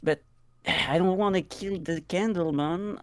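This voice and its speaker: Slow, gravelly-voiced hesitant player. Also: medium pitch. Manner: hesitant, thinking aloud. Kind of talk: casual tabletop game chat.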